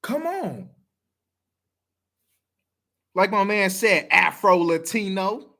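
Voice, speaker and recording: A man talks straight to his audience, blunt and profane. His voice is bright and lively, with pitch that swings widely as he presses each point. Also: slow, creaky. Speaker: video commenter. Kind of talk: casual talk to camera.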